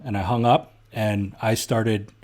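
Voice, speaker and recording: A man's voice: lowish voice, steady tone, a little slow, darkish tone. A middle-aged man, a podcast host telling stories in a casual, blunt and heated way, swearing freely. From Canada. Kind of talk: casual storytelling chat.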